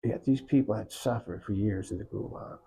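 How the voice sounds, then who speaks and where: An older man with an Oklahoma accent, an interviewee who tells his story slowly and reflectively, with many pauses. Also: on the low side, creaky, warm tone, slightly rough, rough recording. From Oklahoma, USA. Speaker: interviewee, iconographer.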